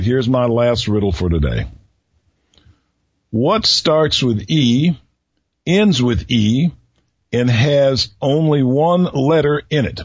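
A man hosting a radio talk show who tells riddles to his listeners slowly, repeating each one and pausing before the answer, with a folksy manner. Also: mid-range voice, slightly rough, dry recording. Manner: folksy, chuckles at his own jokes. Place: radio studio. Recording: dull lo-fi radio recording.

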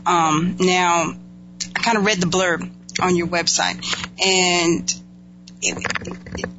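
Conducting an interview, a man sounds encouraging yet a little unsure, using fillers and starting over now and then. His voice is high-pitched and level, and he speaks slowly. The audio is dull, lo-fi, and hums noticeably.

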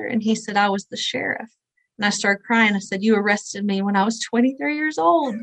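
A woman's voice: mid-range voice, normal speed, creaky, no room sound, rough recording. Earnest woman in her forties telling a story. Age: 40s. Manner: earnest, conversational, acts out quoted voices. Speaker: interview guest, author. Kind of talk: personal storytelling in an interview.

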